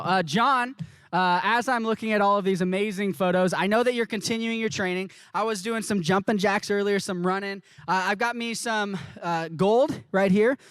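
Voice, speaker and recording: Upbeat high-pitched male stream host. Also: fairly bright tone, smooth, no echo. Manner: upbeat, talks straight to viewers. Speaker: youth ministry host. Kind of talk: casual live-stream chat.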